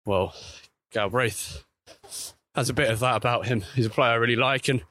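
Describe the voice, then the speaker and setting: A man reporting on football while walking outdoors, chatting casually and correcting himself as he goes. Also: moderate pace. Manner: chatty, self-correcting, lively pitch swings. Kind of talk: walking vlog commentary. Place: outdoors by a street.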